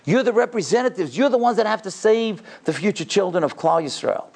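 A middle-aged man giving a speech to a yeshiva, telling a story with animated delivery. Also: a little fast. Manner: animated storyteller, voice climbing high in retold dialogue. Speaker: guest speaker at a yeshiva.

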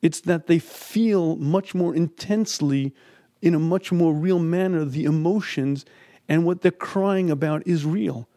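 A middle-aged man teaching a Talmud class, emphatic and lively as he acts out what people say. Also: on the high side, unhurried, no echo, clean studio sound. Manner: emphatic, acts out quoted speech. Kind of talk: lecture on Talmud and marriage.

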